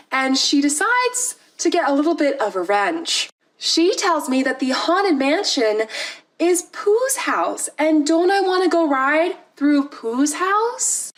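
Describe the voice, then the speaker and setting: High-voiced lively young woman storyteller. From Southern California. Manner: lively, animated, laughs between stories, acts out quotes. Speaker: storyteller vlogger. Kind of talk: casual personal storytelling.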